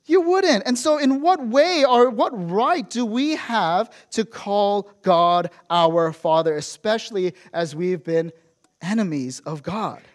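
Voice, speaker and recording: A man's voice: sits high, slow. A man preaching a sermon in a storytelling way, acting out quotes and asking rhetorical questions. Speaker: pastor.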